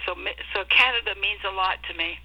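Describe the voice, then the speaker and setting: A woman's voice: mid-range voice, quick pace. An older woman from Minnesota, a retired guest chatting by phone and reminiscing fondly. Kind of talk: phone interview. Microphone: telephone. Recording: lo-fi phone line.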